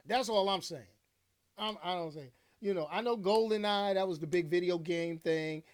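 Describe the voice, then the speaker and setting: A man in his thirties hosting a casual livestream talk show alone, rambling in slangy speech with plenty of filler phrases. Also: a little high.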